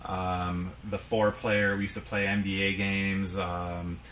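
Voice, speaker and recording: A man's voice: low voice, level tone, slow pace, fairly bright tone, roomy sound, slight background noise. A man in his thirties from Canada, hosting a casual vlog about his game collection and talking in a rambling way with many ums and uhs. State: out of breath. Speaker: game collector channel host.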